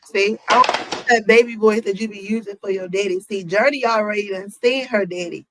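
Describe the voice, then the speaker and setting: A woman's voice: mid-range voice, fairly quick, fairly bright tone, a little hiss or hum, low-quality recording. A woman hosting her own commentary channel, talking casually to viewers with lots of fillers and asides. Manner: chatty, lots of fillers, addresses viewers as y'all.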